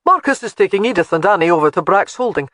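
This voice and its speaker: A narrator voicing a matter-of-fact loyal steward. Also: male voice, high voice, lively intonation, fast talker, fairly bright tone, no room sound, clean studio sound. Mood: explaining. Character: loyal castle steward, explaining matter-of-factly.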